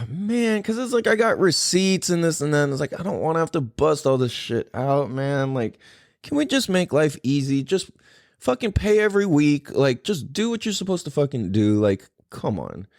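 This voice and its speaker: A man's voice: on the high side, moderate pace, no room sound, clean studio sound. A young man hosting a podcast, chatting casually with lots of swearing and laughter. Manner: animated, swearing, laughs a lot. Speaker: podcast host. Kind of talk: casual chat.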